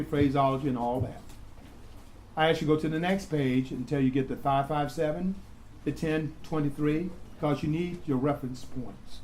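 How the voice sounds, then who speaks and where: Male instructor, fairly high voice, call-and-response lecturing style, faint room hiss. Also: low-quality recording. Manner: asks the class "what?" and answers himself, repeats key words. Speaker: grant-writing instructor. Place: community classroom.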